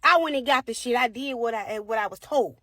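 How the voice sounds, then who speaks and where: High-voiced woman telling a funny story. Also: fairly quick, no room sound. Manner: animated, profane, exasperated. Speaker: parent. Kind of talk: comedic storytelling.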